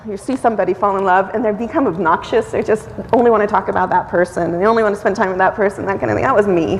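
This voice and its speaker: A woman missionary in her forties addressing a church and praying, tearful and emotional, often pausing with fillers. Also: mid-range voice, big-room sound, low-quality recording. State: crying. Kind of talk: church talk and prayer. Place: church sanctuary.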